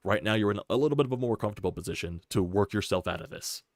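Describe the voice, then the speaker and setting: Low-voiced man recapping a ball game. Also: very fast, dry recording, studio quality. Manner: heated, swearing rants; repetitive, emphatic delivery. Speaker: sports channel host. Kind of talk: casual sports recap commentary.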